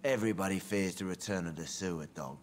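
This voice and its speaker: A man playing a cynical, deep-voiced drunk. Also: fast, slight background noise, lightly acted. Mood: sardonic. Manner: sardonic, world-weary. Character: male drunk bar patron, cynical and sour.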